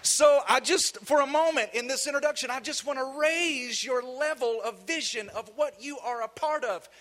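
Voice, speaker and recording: Fiery high-voiced Southern preacher. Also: male voice, moderate pace, some chatter behind. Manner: fiery, shouting call-and-response with the congregation. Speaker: guest preacher. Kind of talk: energetic sermon. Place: church sanctuary.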